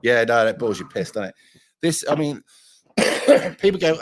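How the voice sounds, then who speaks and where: Hungover and hosting a livestream, a man talks crudely, swears, and wanders off on tangents in casual chat. His mid-range voice is lively in intonation at normal speed.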